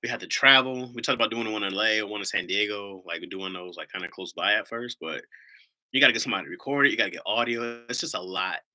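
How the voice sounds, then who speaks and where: A man's voice: lowish voice, fast, sharp tone. A man hosting a casual livestream, a rambling storyteller who laughs often. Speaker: livestream host.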